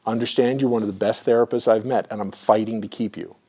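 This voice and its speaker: A man's voice: fairly low pitch, fairly even intonation, fast, dark tone, husky. A middle-aged man, a clinical supervisor, giving a conversational lecture full of personal stories and often checking in with his audience.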